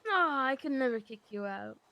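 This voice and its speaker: Giggly, bright-voiced young woman. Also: high-pitched, lively intonation, normal speed. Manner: giggly, teasing. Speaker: roleplay player. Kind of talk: casual in-character roleplay chat.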